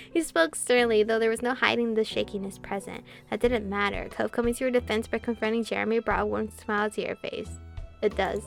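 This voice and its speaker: A young woman streamer reading a visual novel aloud, with giggly, excitable reactions. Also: on the high side, gravelly. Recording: faint game music behind.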